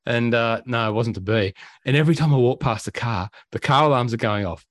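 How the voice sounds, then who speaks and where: An Australian podcast host shares travel stories in casual chat, animatedly acting out quotes and sounds. He has a mid-range voice, talks fast, and the recording has no echo.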